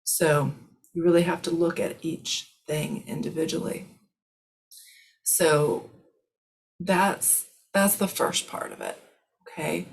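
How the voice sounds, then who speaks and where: A woman hosting a live spiritual question-and-answer session, speaking in a soothing, reassuring way that often sinks to a soft whisper. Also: low-pitched, slow, creaky, pauses often.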